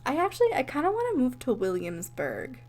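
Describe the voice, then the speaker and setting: A woman's voice: high-pitched, huge pitch swings, brisk, darkish tone, slight background noise. A young woman co-hosting a podcast in casual chat, giggly and easily amused, telling meandering stories. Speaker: podcast co-host.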